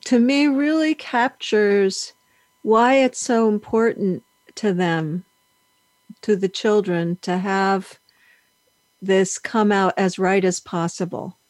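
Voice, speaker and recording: Slow-talking woman interviewer. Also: medium pitch, darkish tone, no room sound.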